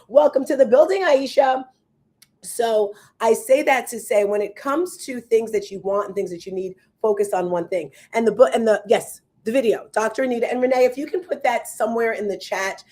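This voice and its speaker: A middle-aged woman hosts a live online show in a chatty, conversational way. Her voice sits a little higher than usual, and she keeps turning to her audience and the chat. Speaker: host.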